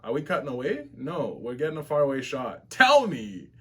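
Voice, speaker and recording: A man giving casual, excitable, slang-filled reaction commentary as a webtoon reactor. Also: medium pitch, a little fast, slightly rough.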